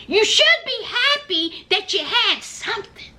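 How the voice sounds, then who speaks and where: A woman's voice: extremely high pitch, sing-song, moderate pace, bright, forceful tone. A woman giving sassy, dramatic, scolding commentary on a reality show in a vlog.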